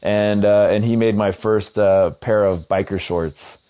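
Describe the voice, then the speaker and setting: A young man casually telling a story, animated and acting out quotes in a raised voice. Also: fairly low pitch, unhurried, smooth.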